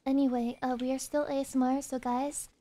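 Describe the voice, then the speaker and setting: A playful, sarcastic young woman streamer with a fairly high voice. She chats casually over her game and sometimes drops into a hushed whisper. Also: little pitch movement, brisk. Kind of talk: casual gameplay commentary.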